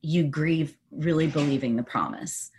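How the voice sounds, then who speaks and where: A woman who is a podcast guest, telling personal stories in an animated way and laughing often. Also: low voice, moderate pace, a little hiss or hum. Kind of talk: conversational interview.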